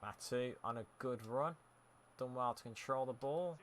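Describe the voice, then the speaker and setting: A man's voice: mid-range voice, normal speed, fairly bright tone. A young man streaming a football game, chatting casually with viewers and reacting to the match. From United Kingdom. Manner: chatty, answers chat messages while narrating gameplay. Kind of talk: casual live-stream commentary.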